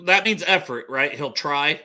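A man's voice: a little high, lively intonation, measured pace, pushed and bright. A man co-hosting a sports podcast in casual chat, teasing and skeptical. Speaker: podcast co-host.

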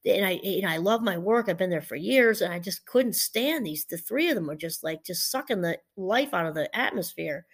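A woman's voice: lowish voice, animated, brisk, few pauses, husky. Middle-aged woman, professor, casual motivational talk, rambling, laughs as she tells stories. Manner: chatty, rambling, laughs while telling stories. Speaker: professor and podcast host.

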